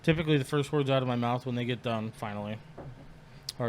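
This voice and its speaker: A man's voice: medium pitch, fast talker, a little hiss or hum. A man hosting a casual podcast chat, chiming in with short profane reactions and wry asides.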